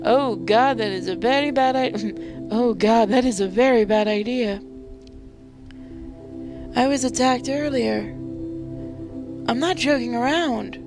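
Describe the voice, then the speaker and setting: A woman's voice: on the high side, takes it slowly, long pauses, over music. A woman voicing a frightened, earnest young woman in a game, reading her lines with worried urgency. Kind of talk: reading game dialogue aloud.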